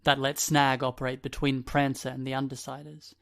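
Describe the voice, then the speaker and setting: A man narrating an audiobook in an even, measured reading style. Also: mid-range voice, creaky. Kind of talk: scripted narration.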